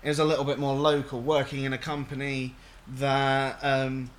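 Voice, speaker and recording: A man's voice: medium pitch, completely flat delivery, moderate pace, a little hiss or hum. A man hosting a radio show, chatting in a rambling way with restarts and the odd swear word. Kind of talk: casual radio chat.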